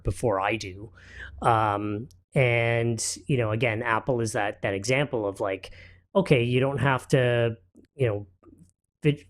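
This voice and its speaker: Relaxed male guest telling a story. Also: medium pitch. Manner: relaxed storyteller, many fillers. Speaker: entrepreneur guest. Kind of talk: casual studio interview.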